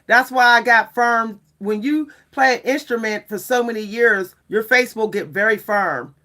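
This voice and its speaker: A woman's voice: on the high side, normal speed, bright, forceful tone. Woman vlogger, casual live chat, talkative, frequent laughs and "y'all". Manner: chatty, keeps saying "y'all", laughs often. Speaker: vlogger and French horn player.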